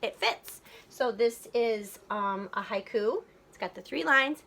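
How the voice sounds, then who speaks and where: A woman teacher talks her students through a lesson at an unhurried pace. Her voice is bright and sits a little high. She thinks aloud and sounds out words syllable by syllable. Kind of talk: recorded classroom lesson.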